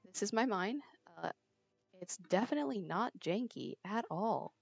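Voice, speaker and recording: A woman's voice: mid-range voice, lively intonation, moderate pace, creaky, darkish tone, slightly rough, soft background music. A teenage girl chatting and telling a rambling story while she plays a game, giggling often, on a small earbud mic. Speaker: streamer. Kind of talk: casual chat while gaming. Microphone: earbud headset mic. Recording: dry, dull lo-fi earbud mic.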